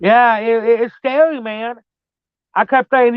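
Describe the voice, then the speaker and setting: A woman's voice: a little high, fairly even intonation, unhurried, smooth, no room sound, narrow, tinny audio. A mother chatting casually about her children, rambling, swearing freely and often tossing in "man". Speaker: mother telling personal stories. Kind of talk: casual storytelling chat.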